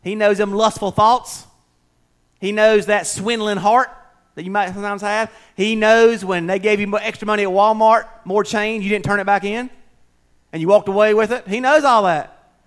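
A man preaching a sermon, folksy and conversational, swinging between loud preaching and soft, near-whispered asides. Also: sits high, flat delivery, normal speed. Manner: folksy, conversational, with slips and restarts. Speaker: pastor.

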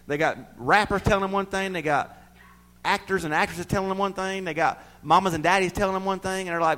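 A middle-aged man preaching a sermon, swinging between loud pleading and soft near-whispers. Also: high-pitched, fast.

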